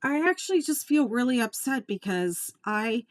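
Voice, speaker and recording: A woman teaching crochet in a casual tutorial, chatting with exasperated asides and quietly counting her stitches. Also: a little high, expressive, normal speed.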